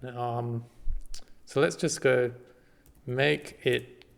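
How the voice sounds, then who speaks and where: A man's voice: mid-range voice, gravelly. Man talking through a tutorial. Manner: relaxed, halting, many ums and restarts. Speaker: party volunteer giving a tutorial. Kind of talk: casual screen-recorded tutorial.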